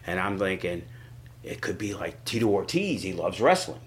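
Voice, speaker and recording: A man, a wrestling promoter, telling stories in a casual interview, acting out quotes with big jumps in his voice. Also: normal speed. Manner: animated, acts out quotes with big pitch jumps.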